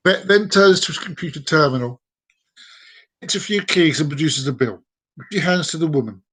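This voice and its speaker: Animated man telling jokes. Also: on the high side, moderate pace. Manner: animated, laughing at his own jokes, chatty asides. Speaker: host. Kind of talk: joke telling.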